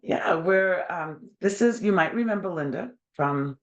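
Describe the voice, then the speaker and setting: A woman's voice: fairly low pitch, expressive, a little slow, dull audio. A woman with a New York accent hosting a podcast, chatty and enthusiastic, laughing often. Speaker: podcast host. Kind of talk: casual interview chat.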